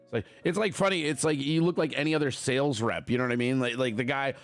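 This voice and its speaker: A man's voice: mid-range voice, fast, faint music behind. A man hosting a podcast, chatting casually in a loose, profane, joking way, sounding a bit congested. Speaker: podcast host. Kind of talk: casual chat.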